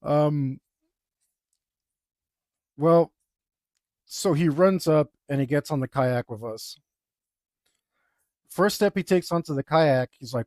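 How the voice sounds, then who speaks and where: A young man with a slightly high voice tells a funny mishap in a slow, meandering way, leaning on "like" and "um." The sound is dry and close, with no room around him. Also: darkish tone, dry recording. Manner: rambling, filler-heavy, self-deprecating. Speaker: artist telling a story. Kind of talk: casual anecdote while drawing.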